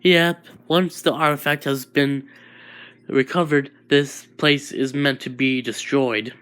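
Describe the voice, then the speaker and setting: A man's voice: medium pitch, steady tone, fairly bright tone, clean tone. A man doing a solemn ancient alien monster. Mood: matter-of-fact. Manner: slow moralizing speeches with restarts.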